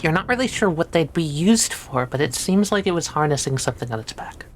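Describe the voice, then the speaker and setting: A woman narrating as game master for a tabletop game, describing scenes in a relaxed way with many fillers. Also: sits low, a little fast.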